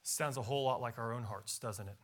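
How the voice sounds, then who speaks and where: A man's voice: mid-range voice, a little fast, fairly bright tone. A pastor preaching a sermon in a church, reading scripture aloud with emphatic rises and drops in his voice. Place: church sanctuary.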